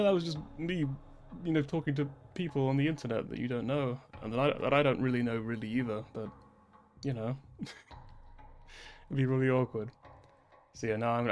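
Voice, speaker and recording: A man in his twenties, streaming and ranting in casual chat: animated, exasperated, swearing freely. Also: mid-range voice. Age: 20s.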